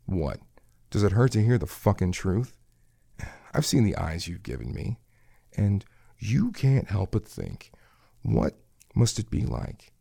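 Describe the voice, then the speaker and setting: A man playing a domineering, crude male kitchen coworker in an adult audio role-play, taunting and commanding in a husky voice with breathy asides. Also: on the low side, very animated, measured pace, long pauses, warm tone, dry recording, clean studio sound, exaggerated voice.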